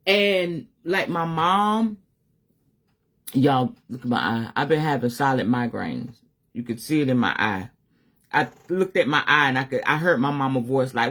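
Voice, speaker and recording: A woman's voice: extremely low pitch, lively intonation, a little slow, a bit bright. A middle-aged woman giving a candid, emotional live-stream monologue as a spiritual advisor, swearing casually.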